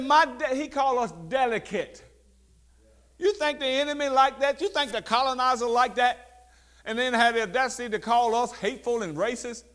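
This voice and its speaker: A man preaching a sermon. He reads scripture slowly and loudly, then talks back to the listeners, dropping to quiet asides in between. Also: very high voice.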